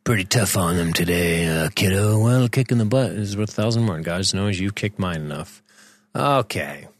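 A man's voice: low voice, lively intonation, normal speed, dry recording. A man co-hosting a podcast in casual chat, crude and joking, riffing on wordplay. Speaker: podcast co-host.

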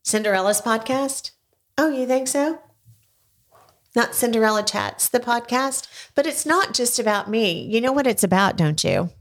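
An older woman hosting a casual podcast interview, gently coaxing answers with leading questions from a studio. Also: fairly high pitch, animated, moderate pace. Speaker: podcast host. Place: home studio.

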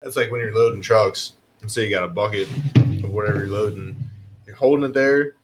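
A man's voice: fairly low pitch, very noisy. A young man in casual chat, laid-back and profane, chiming in with his own stories. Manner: laid-back, profane, quick agreeing interjections.

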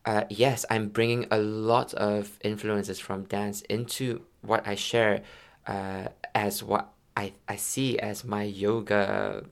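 Gravelly low-voiced man, musing yoga teacher. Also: little pitch movement, slow pace. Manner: musing, searching, peppered with "you know". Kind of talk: reflective podcast conversation.

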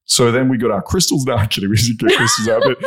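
A young man chatting on a podcast, his pitch swinging widely as he tells a story. He slips in and out of other people's voices with big jumps in pitch and lively, playful delivery. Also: fast, husky. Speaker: podcast co-host. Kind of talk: casual chat.

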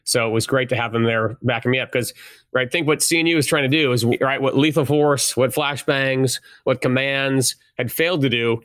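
A man's voice: mid-range voice, moderate pace, fairly bright tone, no echo. A middle-aged man, a retired negotiator, telling stories as an interview guest and often chuckling as he speaks. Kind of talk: conversational storytelling.

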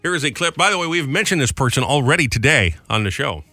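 Fast animated male radio host. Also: mid-range voice, dry recording, soft background music. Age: 40s. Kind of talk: morning radio banter. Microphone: studio mic.

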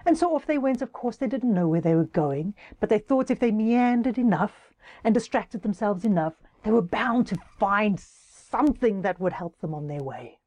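Playful woman storyteller for kids, bright and animated, dry close sound, slightly high voice. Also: normal speed, no echo. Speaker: children's storyteller and host. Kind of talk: children's story narration.

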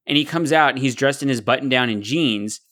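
Animated man retelling movie scenes. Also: mid-range voice, brisk. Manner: animated, acts out quotes, swears. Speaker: podcast co-host. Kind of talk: casual chat.

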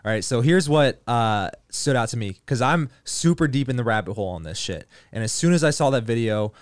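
A man's voice: mid-range voice, lively intonation, a little fast, clean tone, no room sound, studio quality. A man hosting a podcast, chatting casually in a blunt, eager way and swearing freely. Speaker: podcast host. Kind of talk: casual conversation.

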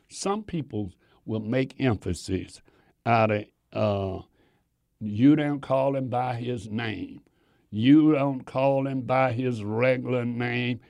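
Slow, emphatic male preacher. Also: mid-range voice, gravelly, darkish tone. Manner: emphatic, repeating phrases for stress. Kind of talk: sermon.

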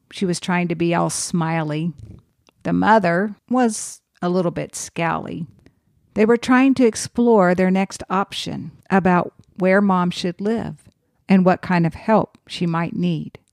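A woman who is a geriatric nurse hosting a podcast, telling stories from her work in a calm, earnest, explanatory way. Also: lowish voice, dry recording, clean studio sound. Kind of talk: storytelling podcast monologue.

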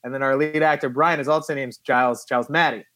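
A man who is a film producer, telling lively stories in a casual interview and acting out quotes. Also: medium pitch, fast, no room sound. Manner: animated storyteller who acts out quotes.

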